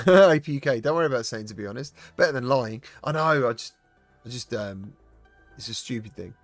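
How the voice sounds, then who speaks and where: A British man hosts a relaxed gaming live stream, chatting loosely with his viewers and stumbling over his words now and then. His voice sits at a middling pitch and sounds dry and close, with faint music underneath. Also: brisk, dry recording. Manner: chatty, greets viewers by name, many fillers and restarts. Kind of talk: casual live-stream chat reading viewer comments.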